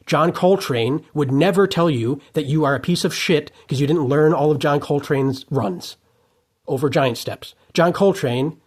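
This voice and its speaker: A man with a slightly raised pitch and a husky edge, ranting in an unscripted monologue. He swears freely and often jumps into loud, heated outbursts. The delivery stays emphatic and worked up. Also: unhurried. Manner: heated, profane and emphatic, swinging into shouted outbursts.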